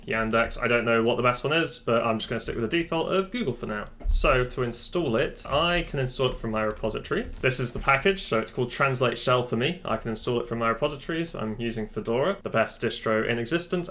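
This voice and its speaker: A man hosting a casual software tutorial, talking in a chatty, joking, self-deprecating way. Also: medium pitch. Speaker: tech tutorial host. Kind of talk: casual screen-recorded tutorial. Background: faint keyboard typing.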